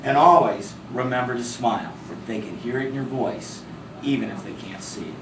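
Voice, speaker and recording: A man presenting a class and teaching with a lively, joking manner. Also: medium pitch, moderate pace, background noise. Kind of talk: instructional presentation.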